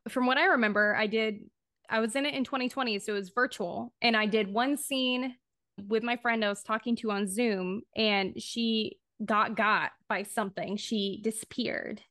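A woman's voice: fairly high pitch, steady tone, moderate pace, pushed and bright, no echo, studio quality. A young woman co-hosting a casual interview, upbeat and giggly. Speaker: co-host.

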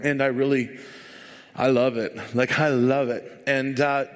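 A man's voice: medium pitch, little pitch movement, measured pace. A man giving a sermon as a church speaker, telling stories in a rambling, joking way full of fillers. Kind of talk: sermon with casual storytelling. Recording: long hall reverb.

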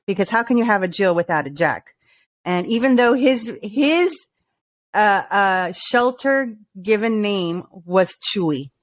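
A woman's voice: medium pitch, expressive, measured pace, no echo. A woman co-hosting a podcast in casual chat, swearing freely and laughing often. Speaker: podcast co-host.

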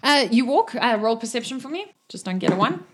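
A woman's voice: a little high, sing-song, fairly quick, breathy edge. A woman running a tabletop game as game master, describing scenes with many fillers.

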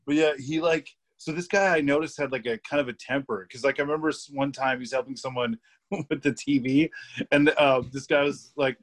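Swearing casually and laughing mid-sentence, a young podcast guest rambles through stories with stacks of fillers. His voice is ordinary middle pitch and steady, moving a little fast in this casual storytelling chat.

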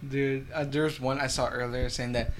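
A young man chatting casually with friends, halting and full of fillers, laughing often. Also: mid-range voice, little pitch movement, background noise. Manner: halting, filler-heavy, giggly. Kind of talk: casual chat.

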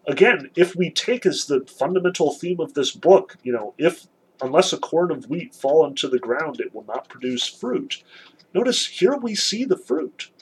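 A man's voice: on the high side, animated, normal speed, slight background noise, rough recording. A man giving a conversational literature lecture, explaining with frequent "um" and "you know".

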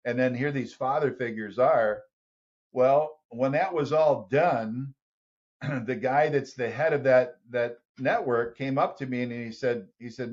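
A man's voice: medium pitch, unhurried. Man telling a story as a podcast guest. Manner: animated storyteller who acts out other people's voices. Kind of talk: storytelling in an interview. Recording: dull lo-fi sound.

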